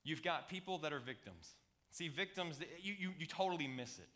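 Bright-voiced pastor preaching. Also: male voice, a little high, lively intonation, fairly quick. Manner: emphatic, building to loud passionate delivery; conversational, repeats words when driving a point. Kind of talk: sermon.

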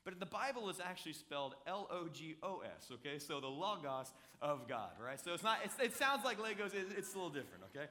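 A man's voice: a little high, fast, few pauses. A man in his thirties, a pastor, giving a conversational sermon with jokes and props. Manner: conversational, joking, animated with props.

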